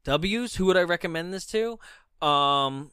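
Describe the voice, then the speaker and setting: A woman co-hosting a casual film review chat, animated and laughing, acting out lines in shrieks. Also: on the low side, measured pace, smooth, dry recording. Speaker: podcast co-host.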